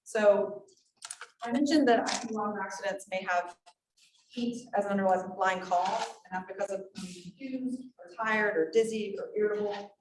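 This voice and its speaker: A woman's voice: medium pitch, normal speed. Woman presenting in an echoey meeting room. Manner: conversational, asks the room questions. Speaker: safety presenter. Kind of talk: presentation with audience discussion. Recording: echoey room, mic at a distance, faint noise.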